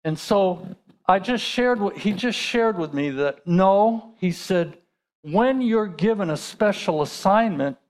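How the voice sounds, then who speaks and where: A man's voice: high-pitched, expressive, slow. A male pastor preaching a sermon in a conversational way, asking rhetorical questions.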